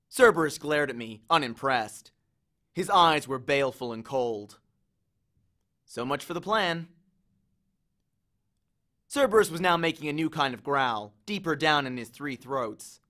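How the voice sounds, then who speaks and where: Animated man reading a story aloud. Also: on the high side, a little slow, pauses often. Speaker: audiobook reader.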